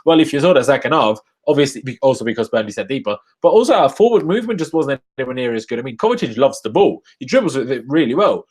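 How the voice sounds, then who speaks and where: A young man live-streaming a rant after a football match, angry and swearing, jumping from loud outbursts to low muttering into a desk microphone. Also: animated, fast talker, hardly any pauses, husky. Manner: angry, swearing, swings between shouting bursts and low muttering.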